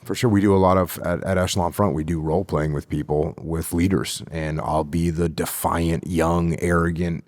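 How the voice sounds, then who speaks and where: A middle-aged man from the United States, a podcast interview guest, speaks in a steady, measured way and repeats key phrases for emphasis. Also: low voice, no echo. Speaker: guest, retired military officer.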